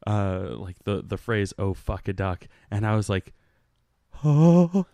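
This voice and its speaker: A young man co-hosting a casual chat show, teasing his friends and telling stories with many halting fillers. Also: fairly low pitch, very animated, vocal fry, dark tone, dry recording. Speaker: podcast co-host.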